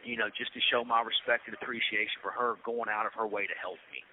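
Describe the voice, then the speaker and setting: A man's voice: fairly low pitch, fairly even intonation, quick pace. Laid-back man storytelling over a phone. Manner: laid-back, slangy retelling with quoted dialogue. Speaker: podcast host. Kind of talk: casual storytelling. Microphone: prison phone call. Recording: tinny phone line with faint hiss.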